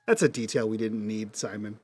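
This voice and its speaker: A man's voice: lowish voice, brisk, husky. A man playing his character in a tabletop role-play, joking and rambling with many restarts. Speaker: player.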